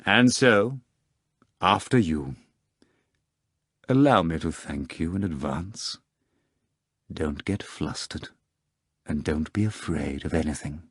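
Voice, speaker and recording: A man voicing a suave, commanding devil who speaks courteously and gravely. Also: rumbling low, expressive, slow, long pauses, fairly bright tone, no room sound, clean studio sound, voice pushed down, heavily acted. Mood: calm courtesy. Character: suave devilish male magician, calm and commanding.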